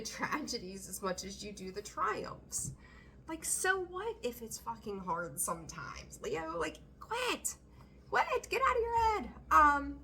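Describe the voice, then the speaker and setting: A woman's voice: lowish voice, pushed and bright, a little hiss or hum. A woman doing a casual tarot reading, talking bluntly, swearing freely and laughing often. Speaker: tarot reader.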